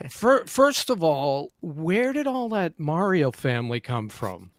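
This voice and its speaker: A man's voice: on the high side, very animated, takes it slowly, a crowd in the background. A man talking as a guest in a casual movie review chat, blunt and incredulous.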